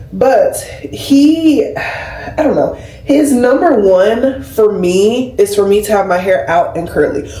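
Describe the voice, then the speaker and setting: A young woman in her twenties, a nurse, talking casually and animatedly to her camera while getting ready at home. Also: medium pitch. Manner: chatty, animated storytelling with lots of fillers. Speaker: nurse and vlogger. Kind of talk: casual vlog chat. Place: indoors at home, doing her hair. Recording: roomy and a bit distant.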